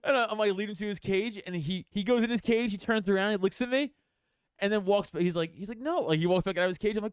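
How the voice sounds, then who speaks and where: A man's voice: quick pace, smooth, no room sound, studio quality. A young man co-hosting a comedy podcast, telling a story with lots of swearing and acting out his own lines in a whiny voice. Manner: animated, swearing, acts out his own quotes in a whiny high voice. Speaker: podcast co-host.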